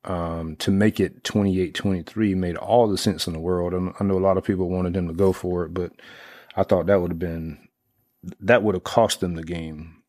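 A middle-aged man in casual sports talk, rambling with lots of fillers and restarts, getting excitable as he retells plays. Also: deep voice, normal speed, no room sound.

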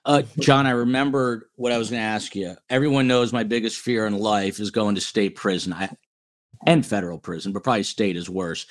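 A man's voice: on the low side, fairly even intonation, fairly quick. A man from New Jersey hosting a true-crime podcast in casual chat, reading out viewer comments. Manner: chatty, reads out viewer comments. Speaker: podcast host.

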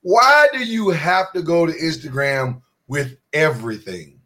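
A man's voice: on the high side, a little slow. A man co-hosting a casual podcast chat, emphatic and preachy, with speech. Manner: animated, emphatic, preachy rants. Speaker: podcast co-host.

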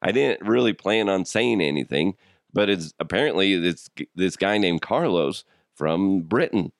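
A man in his thirties with a sick, rough throat, hosting a solo podcast in jokey, crude casual chat and laughing often. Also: low voice, lively intonation, a little slow, no room sound, studio quality. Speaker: podcast host.

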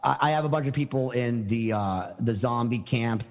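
A man's voice: mid-range voice, moderate pace, long reverb tail. A man telling stories as a podcast guest, eager and rambling, with many fillers and restarts. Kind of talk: casual storytelling chat.

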